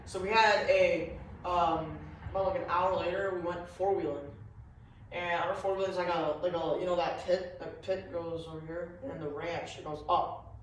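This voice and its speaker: A man tells a meandering comic story in a confused, wandering way. His voice sits a little high. He is set back from the microphone in a very echoey room with faint background noise. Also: steady tone, moderate pace. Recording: echoey room, far from mic.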